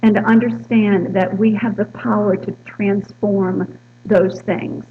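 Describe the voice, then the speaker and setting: A woman's voice: medium pitch, steady tone, slow pace, phone-quality sound. A woman minister preaching a sermon and leading the congregation in bold affirmations. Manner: bold, rousing, leads call-and-response. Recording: distant mic with mains hum in a hall.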